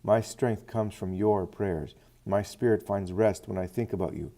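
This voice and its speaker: A man's voice: lowish voice, unhurried, gravelly, warm tone. A man reading a tender, devoted son.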